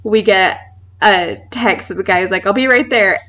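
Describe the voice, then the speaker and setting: A woman in her thirties co-hosts a podcast in casual chat. She tells an anecdote with animated energy and frequent laughter. Her voice is bright and somewhat high. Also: normal speed, muffled recording. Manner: animated storyteller, laughs often. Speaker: podcast co-host.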